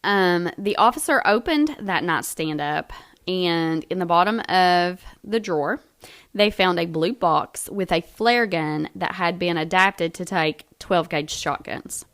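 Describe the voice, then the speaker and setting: A woman's voice: fairly low pitch, measured pace, a bit bright, smooth. A woman co-hosting a true crime podcast, reading her notes aloud and often breaking into laughter. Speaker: podcast co-host.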